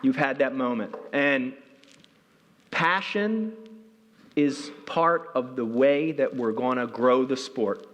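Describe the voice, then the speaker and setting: A man giving a conference talk, telling a story with energy, and his voice jumps high when he gets excited. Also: takes it slowly, lo-fi sound. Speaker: keynote speaker. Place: large hall. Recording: reverberant hall.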